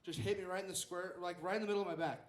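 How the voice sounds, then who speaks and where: A man's voice: high-pitched, fairly even intonation, very fast, echoey room. A young man telling a rambling story at an open mic stand-up set, acting out the quotes. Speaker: stand-up comedian. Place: small club stage.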